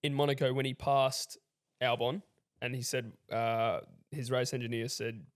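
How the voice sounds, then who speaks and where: A man's voice: medium pitch, flat delivery, normal speed. A man co-hosting a podcast in casual chat, easygoing and rambling, laughing often. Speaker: podcast co-host.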